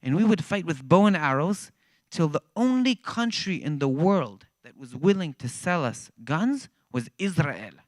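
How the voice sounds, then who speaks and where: A man's voice: on the high side, sing-song, measured pace, dry recording, voice pushed up. A man putting on the voice of an angry male ambassador who lectures emphatically. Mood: proud. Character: angry, loud middle-aged male African ambassador.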